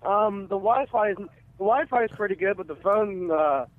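Relaxed, joking male caller. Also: high-pitched, normal speed, no echo, narrow, tinny audio. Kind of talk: call-in chat.

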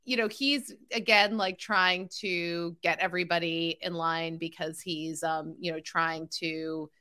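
A woman co-hosting a podcast, recapping a sitcom in casual chat, laughing often and filling pauses with "um" and "like". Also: on the low side, steady tone, bright, forceful tone, clean tone. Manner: chatty, laughs often, many fillers. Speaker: podcast co-host.

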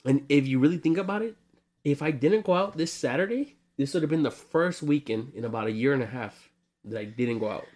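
A man in his twenties co-hosting a casual podcast chat, rambling and animated, often laughing. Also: medium pitch, fairly quick. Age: 20s. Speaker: podcast co-host.

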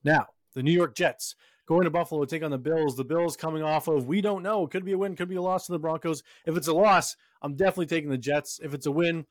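A man co-hosting a casual sports betting chat, brisk and leading, setting up each matchup in turn. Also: fairly high pitch, steady tone, no room sound, studio quality. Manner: brisk, leads the talk, sets up each matchup. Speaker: co-host.

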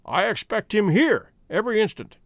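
A commanding detective, measured and stern, as a male storyteller voices him. The voice sits high and moves lively, recorded close and dry. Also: dry recording. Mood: calm.

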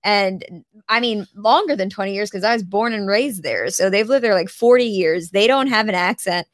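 A woman's voice: medium pitch, normal speed, no room sound, studio quality. A woman from North Carolina co-hosting a podcast, talking things through in a matter-of-fact casual way. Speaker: podcast co-host. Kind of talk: casual chat.

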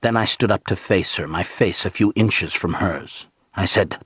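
A man reading a first-person novel aloud in a measured, hushed storytelling manner. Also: deep voice, breathy edge, no room sound, clean studio sound. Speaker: audiobook narrator. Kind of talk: first-person audiobook narration.

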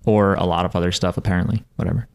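A man's voice: deep voice, fairly even intonation, racing, gravelly, darkish tone. An easygoing man co-hosting a podcast in casual chat. He lays out plot points and adds dry joking asides along the way. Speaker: podcast co-host. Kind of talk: casual chat discussing an anime episode.

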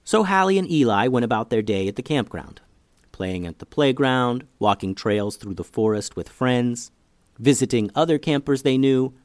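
A man reading a children's story aloud, with lively, expressive storytelling. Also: mid-range voice, dry recording.

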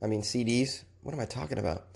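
A man's voice: medium pitch, quick pace, creaky, darkish tone, slightly rough. A man hosting casual news commentary, joking and rambling with self-deprecating asides. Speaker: podcast host.

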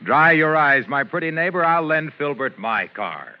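Jovial salesy neighbor, radio ad sketch, lively voice, muffled old broadcast sound. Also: male voice, on the high side, normal speed. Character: cheerful neighborly male pitchman.

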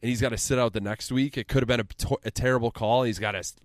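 A man's voice: medium pitch, fairly even intonation, fast talker, dry recording, studio quality. A man co-hosting a sports podcast, talking in blunt, dismissive, grumbling banter. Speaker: podcast co-host.

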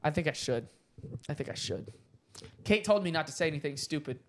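A man's voice: fairly high pitch, lively intonation, brisk, pauses often. A man hosting a podcast in casual chat, telling stories in a jokey, teasing way with plenty of slang. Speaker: podcast host.

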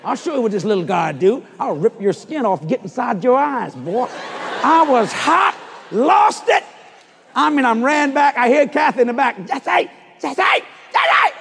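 An older man preaching a storytelling sermon, acting out the voices of the people in his story and rising to shouts at the climax. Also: extremely high pitch, sing-song, moderate pace, gravelly, in a large hall, a little hiss or hum.

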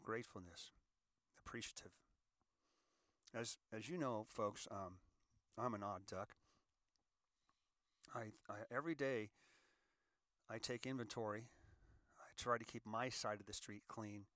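Bright-voiced man in his sixties, folksy host. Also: fairly low pitch, fairly even intonation, measured pace, pauses often, no echo, studio quality. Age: 60s. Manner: folksy, repeats words, warm advice tone. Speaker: show host. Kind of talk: casual monologue to listeners.

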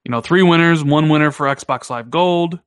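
A man co-hosting a gaming podcast, chatting casually and needling his co-host. His voice sits a little high and leaps higher when he jokes. The sound is dry and close, with no room around it. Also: moderate pace, no echo. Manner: animated, teasing, pitch jumps up when joking.

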